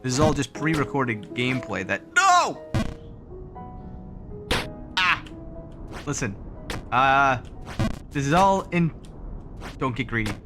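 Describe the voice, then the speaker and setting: A man narrating his own gameplay on a live stream, his pitch swinging widely as he jokes at his own expense and yelps at each fall. His talk is loose and playful. Game music plays clearly behind him. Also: expressive. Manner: joking, self-mocking, quick exclamations.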